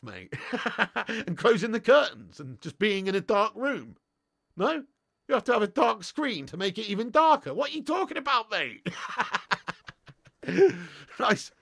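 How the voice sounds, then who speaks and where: Sweary, excitable British football fan. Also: male voice, very high-pitched, creaky, dry recording, studio quality. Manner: sweary, excitable, chatty with viewers, laughs often. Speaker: football fan streamer hosting a watch-along. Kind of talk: live football watch-along commentary.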